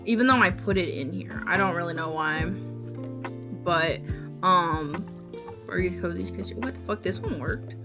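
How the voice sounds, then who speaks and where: A woman's voice: on the low side, unhurried. A woman streaming live, chatting casually and rambling while reading on-screen text aloud. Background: music playing.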